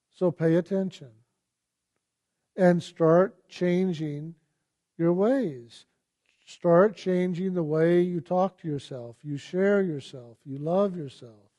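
A man giving a reflective spiritual talk, telling personal stories and asking gentle, searching questions. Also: high-pitched, dull audio. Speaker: spiritual teacher.

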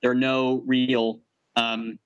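A man's voice: mid-range voice, level tone, takes it slowly, clean tone, lo-fi sound. A man co-hosting a podcast, bantering with crude jokes in casual chat. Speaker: podcast co-host.

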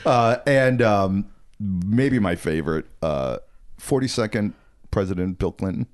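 A man's voice: on the low side, expressive, a little slow, darkish tone. A man co-hosting a casual chat, telling rambling stories with frequent chuckles. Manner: rambling storyteller, chuckles often. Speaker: podcast co-host.

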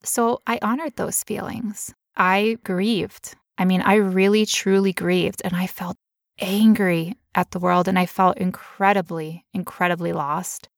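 A woman's voice: on the low side, fairly even intonation, a little slow, creaky, no echo, studio quality. A woman telling a personal story in casual chat, candid and emotional, now and then putting on playful voices.

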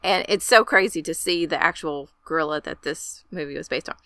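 A woman's voice: low-pitched, brisk, pushed and bright, no echo. A woman co-hosting a casual chat, talking in a chatty, enthusiastic way. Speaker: podcast co-host.

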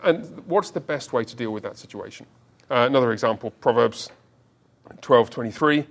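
A man's voice: mid-range voice, expressive. A pastor in his forties preaches with a mid-range voice. He tells his story with self-deprecating humor and often stumbles and restarts his words. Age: 40s. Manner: halting restarts, repeats words. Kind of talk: sermon.

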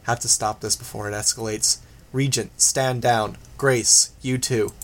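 A man's voice: mid-range voice, fairly even intonation, unhurried, lightly acted. A man doing a curt, level-headed teen girl.

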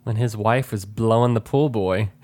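A man's voice: on the low side, unhurried, a little mellow. A man in casual chat, speaking bluntly and with profanity.

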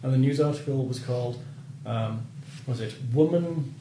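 A man's voice: mid-range voice, moderate pace, warm tone. A man joking crudely during casual tabletop banter. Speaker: tabletop game player. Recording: roomy, distant mic with noise.

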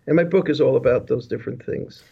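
A man's voice: mid-range voice, quick pace, creaky, breathy edge. A man telling his life story as an interview guest over a remote video call, rambling with frequent restarts and asides. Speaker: guest, business leadership consultant. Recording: dull lo-fi call audio.

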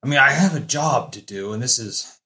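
Mid-pitched male player, wry, filler-prone. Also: a little fast, bright, forceful tone, far from the mic. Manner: joking, keeps starting with "like". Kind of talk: tabletop role-play.

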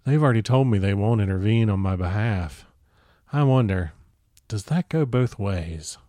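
A quietly menacing young vampire, read by a man in a near whisper. The voice sits low and the sound is close and dry, with no room around it. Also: lively intonation, moderate pace, no room sound, close to an everyday voice. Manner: speaks very softly, almost whispering.

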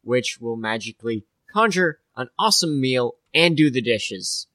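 A man's voice: medium pitch, animated, moderate pace, sharp tone, no echo. A man co-hosting a podcast, chatting casually and sarcastically about tabletop game spells, with jokey asides and swearing. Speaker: podcast co-host.

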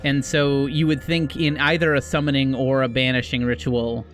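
A man's voice: medium pitch, level tone, a bit bright, soft background music. Male game master narrating horror. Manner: descriptive, drawn-out narration. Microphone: podcast microphone.

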